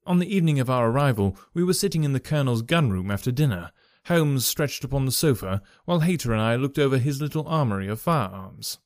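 A man narrating a classic story in an even storytelling manner. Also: mid-range voice, quick pace, few pauses, no echo, studio quality. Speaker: audiobook narrator.

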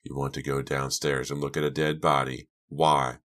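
A man voicing a thoughtful, steady teen boy. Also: a bass voice, normal speed. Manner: thoughtful, soothing. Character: calm, reasoning teenage boy.

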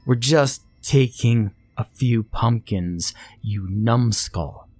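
A man's voice: fairly low pitch, lively intonation, moderate pace, a little mellow, breathy edge, dry recording, faint music behind. A man doing a sneering boy bully. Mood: taunting. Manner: taunting, sneering, overconfident. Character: cocky, cruel teenage boy bully.

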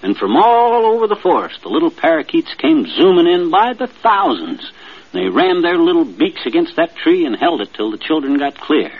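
A man's voice: fairly high pitch, moderate pace, husky. A man playing a folksy middle-aged storyteller telling a child a tale in a 1950s radio comedy. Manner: folksy, drawling, lively storyteller. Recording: dull 1950s radio transcription.

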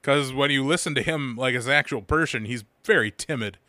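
Podcast co-host, man, bright forceful tone, dry close mic. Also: medium pitch, brisk, no room sound. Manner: crude, profane banter. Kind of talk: casual chat.

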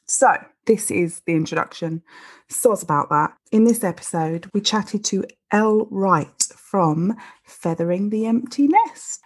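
A woman's voice: medium pitch, animated, a little slow. A woman, chatty and self-deprecating, informally introducing her podcast episode as co-host.

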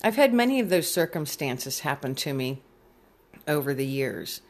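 A middle-aged speaker recounts a personal experience of faith to listeners, sincere and heartfelt throughout. They slip into their own past inner voice when quoting old thoughts. Their pitch sits in an ordinary middle range. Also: big pitch swings, moderate pace. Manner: earnest, retells scenes by voicing own past thoughts. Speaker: storyteller sharing a faith testimony. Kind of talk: personal storytelling to an audience.

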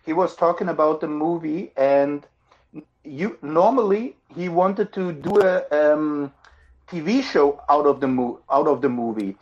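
A man speaking English as a podcast guest, halting and searching for words. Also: fairly high pitch. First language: German. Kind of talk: casual chat. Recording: dull lo-fi audio.

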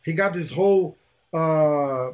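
A man hosting a podcast, chatting casually and telling animated stories, acting out quoted exchanges and swearing now and then. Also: fairly high pitch, slow. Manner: swears casually, repeats words when excited. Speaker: podcast host. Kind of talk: casual chat.

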